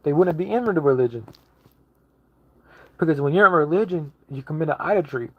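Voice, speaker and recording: This lay preacher has a voice on the high side with lively intonation, talking fairly quickly in a casual online sermon. He preaches emphatically, repeating himself and restarting as he builds each point. The audio is narrow and tinny, with no echo.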